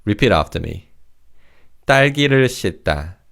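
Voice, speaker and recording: A man teaching a language lesson, encouraging and repeating each word slowly for learners. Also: on the low side, very animated, gravelly, fairly bright tone.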